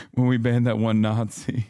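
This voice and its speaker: A man's voice: medium pitch, dark tone, no echo, studio quality. A man hosting a casual livestream, talking back to his chat in a profane, ranting way and laughing often. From lives in California. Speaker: livestream host.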